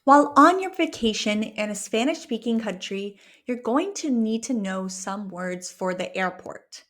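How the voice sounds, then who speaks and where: A woman teaching a language lesson, encouraging her listeners and slowing down to pronounce each word clearly, checking in with "okay?" as she goes. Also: mid-range voice, lively intonation, a bit bright. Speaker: Spanish teacher.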